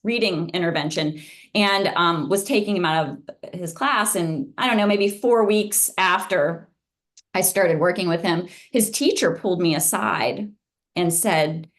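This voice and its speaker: A woman psychology professor gives an informal lunch talk as a guest speaker over a video call. Her voice is fairly low and measured, and she tells stories animatedly, often restarting her sentences.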